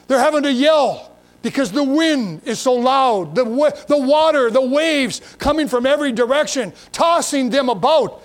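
A man's voice: very high-pitched, animated, moderate pace. A pastor preaching a sermon in a folksy, emphatic way, full of repeats and asides, reading scripture and talking straight to his listeners.

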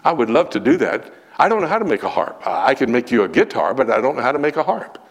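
A man voicing a patient handyman husband who gently explains what he can and cannot build. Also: medium pitch, big pitch swings, fast. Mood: coaxing.

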